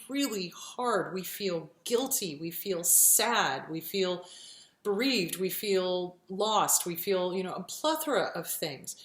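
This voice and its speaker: A woman's voice: lowish voice, a bit bright, roomy sound. A woman therapist talking frankly to camera in a casual vlog, blunt and given to swearing, emotional and close to tears.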